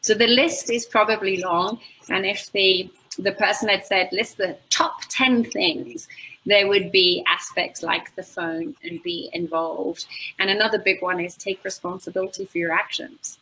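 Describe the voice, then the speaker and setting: A woman with a mid-range voice speaks a little slowly over poor audio with slight background noise. She's an animal communicator telling stories conversationally and expressively acting out what her clients said.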